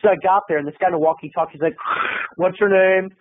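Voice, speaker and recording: High tinny-voiced man telling a comic story. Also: fairly even intonation, rapid-fire, no room sound. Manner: over-the-top, dramatic storytelling. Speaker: comedy video blogger. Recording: tinny, phone-like, dry sound.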